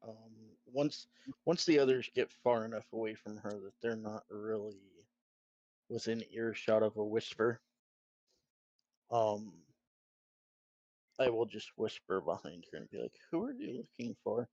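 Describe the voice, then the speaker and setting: A man playing a tabletop game, talking in a relaxed, hesitant way. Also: on the low side, a little slow, pauses often, no echo, highs cut off. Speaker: player.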